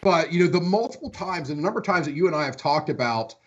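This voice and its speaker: A male podcast co-host rambles along in casual, self-deprecating chat. His voice sits a little high for a man. The audio is a little dull and lo-fi. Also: animated, fast talker.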